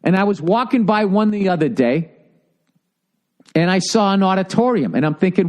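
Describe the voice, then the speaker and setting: A Boston-accented man in his fifties rants at length on his podcast, swearing constantly and sounding exasperated. His voice sits fairly high for a man. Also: lively intonation, normal speed, pauses often, darkish tone. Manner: profane, exasperated ranting. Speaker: podcast host. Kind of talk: ranting monologue reading listener mail.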